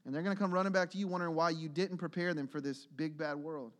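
A male pastor with a fairly high voice delivers a sermon in a church. He is earnest and builds to emphatic, urgent exhortation. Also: steady tone, fast talker, a bit bright.

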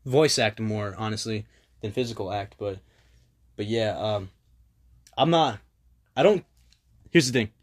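A man's voice: lowish voice, a little slow, pauses often. A young man rambling in a casual solo monologue, self-deprecating and swearing freely, his voice a little strained.

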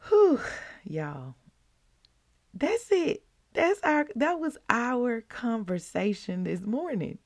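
Slow, gravelly-voiced woman podcast host. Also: fairly high pitch. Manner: emotional, earnest, rising to excited outbursts. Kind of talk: devotional podcast talk.

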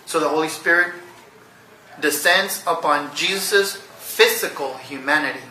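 A man's voice: fairly high pitch, unhurried, sharp tone, roomy sound, recorded from a distance, slight background noise, low-quality recording. A man preaching a sermon, teaching earnestly and posing rhetorical questions to his listeners. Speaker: pastor.

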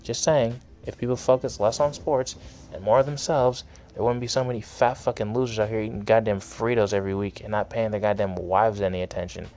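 A man's voice: lowish voice, fairly even intonation, a little fast, darkish tone. A young man hosting his own podcast, ranting angrily with heavy swearing in a casual, heated way. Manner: angry, profane, ranting. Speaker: podcast host. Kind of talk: solo podcast rant.

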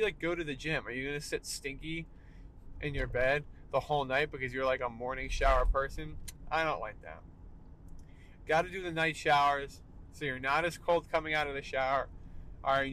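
A man's voice: on the high side, pushed and bright, a little hiss or hum, low-quality recording. A young man hosting a solo podcast, talking emphatically and tagging "all right" onto his points. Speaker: podcast host.

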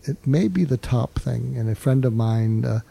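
An older man, a psychiatrist and author, explaining advice in an interview in an earnest way, often restarting and filling pauses with "uh". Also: medium pitch, lively intonation, vocal fry, warm tone, a little hiss or hum. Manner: earnest, fills pauses with "uh", restarts and repeats words.

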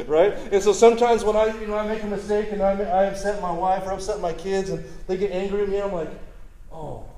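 Man, pastor, casual conversational sermon, mellow tone, echoey hall. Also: sits high, little pitch movement, brisk, hardly any pauses. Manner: conversational, asks the crowd "right?" often.

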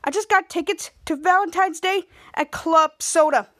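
A woman's voice: very high-pitched, moderate pace, a bit bright, voice pushed up. A woman voicing a cocky, eager teenage boy while retelling a show's lines.

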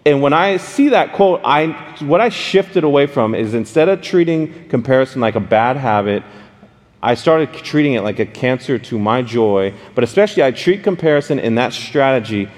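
A man preaching in a relaxed, story-led way, his voice sitting at an ordinary middle pitch. He talks directly to the room, throwing questions out to his listeners. The sound trails off in the long reverb of a large hall. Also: moderate pace. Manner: animated, addresses the audience directly with questions. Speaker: pastor. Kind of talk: conversational storytelling sermon.

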